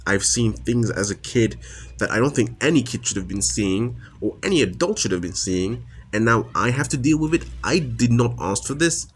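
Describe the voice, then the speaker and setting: A man's voice: medium pitch, animated, normal speed, husky. A man talking straight to camera in a personal confessional monologue. He is emotionally raw and frustrated, and his speech halts with many restarts and fillers. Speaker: vlogger.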